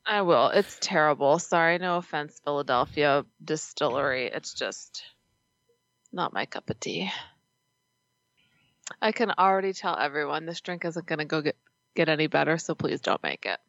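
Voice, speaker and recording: A woman's voice: sits low, expressive, normal speed, a bit bright, no room sound, muffled recording. A woman co-hosting a podcast in casual chat, blunt and joking, swearing casually. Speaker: podcast co-host.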